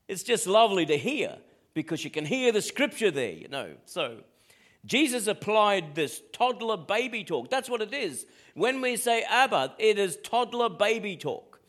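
A man's voice: high-pitched, big pitch swings, moderate pace, fairly bright tone. A middle-aged man preaching a sermon, asking his congregation rhetorical questions as he goes. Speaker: pastor.

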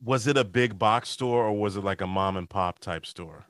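Low-voiced rambling male podcast host. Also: moderate pace, fairly bright tone, no echo, clean studio sound. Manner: rambling, self-correcting, filler-heavy. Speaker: podcast host and stand-up comic. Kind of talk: casual podcast chat.

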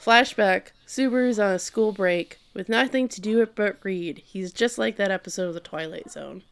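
A woman's voice: mid-range voice, creaky. A woman co-hosting a casual podcast, recapping an episode and swearing freely. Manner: swears freely, acts out characters in quick quoted voices. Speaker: podcast co-host recapping an anime. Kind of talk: casual chat.

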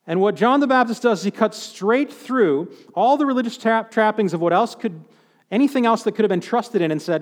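A man's voice: high-pitched, normal speed, in a large hall. A man preaching a sermon in a conversational way, with joking asides.

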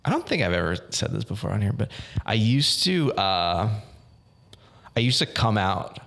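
A young man with a somewhat low voice chats casually on a podcast. He tells his stories in a rambling, self-mocking way, full of restarts and fillers. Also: sing-song, normal speed, vocal fry, a bit bright, slight background noise. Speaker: podcast co-host. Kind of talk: casual chat.

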